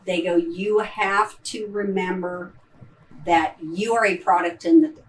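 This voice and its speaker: A woman with a Midwestern American accent speaks slowly and a little low, picked up from a distance in a theater with a faint hiss underneath. She rambles through her answers with plenty of ums and false starts, in casual post-show talk. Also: steady tone. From Ohio. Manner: rambling, hesitant, lots of ums and restarts. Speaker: stage actress in a post-show talkback. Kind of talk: casual talkback answering audience questions. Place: theater auditorium.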